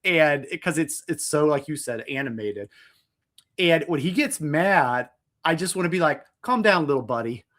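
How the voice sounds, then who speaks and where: A wrestling podcast co-host chats casually in a slightly high, animated voice with a fairly bright tone, speaking at normal speed. He rambles, restarts his sentences, and chuckles along the way.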